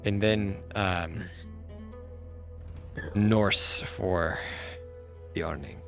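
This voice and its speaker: A man's voice: sits low, very slow, creaky, fairly bright tone, faint music behind. A man playing a tabletop game, chatting out of character in a hesitant, explanatory way. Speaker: tabletop role-play player. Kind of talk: casual out-of-character chat. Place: home setup, streaming.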